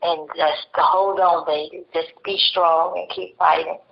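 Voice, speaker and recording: Gravelly woman on a muffled phone line. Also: on the low side, little pitch movement, unhurried. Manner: emotional, pleading. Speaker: mother of a missing daughter, guest. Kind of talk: phone interview.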